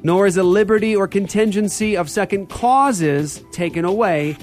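A man's voice: sits high, normal speed, soft background music. A man hosting a church talk show, teaching theology in an emphatic style and repeating key phrases.

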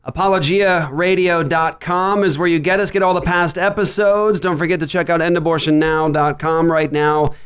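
A man hosting a Christian radio talk show from a makeshift studio, upbeat with quick banter. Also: fairly high pitch, steady tone, a bit bright, clear, resonant tone. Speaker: podcast host. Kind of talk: casual radio show chat. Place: makeshift studio writers' room.

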